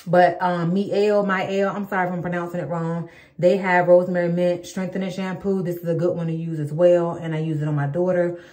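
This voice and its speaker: Woman, 30s, home hair-care vlogger; lower voice, casual and chatty with viewers, echoey room. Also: level tone, brisk, dark tone. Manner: chatty, addresses viewers as y'all, many ums. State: out of breath. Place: home, indoors.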